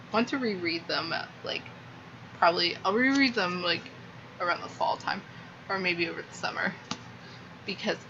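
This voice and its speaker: Young female book vlogger, bright voice, unhurried, rambling fangirl energy, faint room hiss. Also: on the low side, muffled recording. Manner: gushing, rambling, many "like" fillers. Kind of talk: casual book review vlog.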